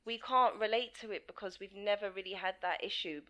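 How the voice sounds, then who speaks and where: A woman with an English accent, co-hosting a podcast in casual chat, blunt and animated, swearing freely. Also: medium pitch, fairly quick. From England. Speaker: podcast co-host.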